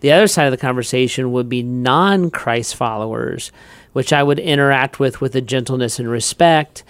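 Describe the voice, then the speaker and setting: Measured man with a smooth, dry voice. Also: mid-range voice, fairly bright tone, no room sound. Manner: thoughtful, measured, with fillers. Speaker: pastor and co-host. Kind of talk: casual faith podcast chat.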